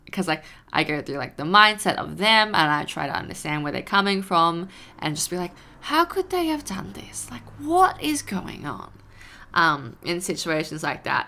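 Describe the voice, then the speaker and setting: Low, gravelly young woman vlogger. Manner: rambling, animated, acts out her own frustrated rants. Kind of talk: casual talk to camera.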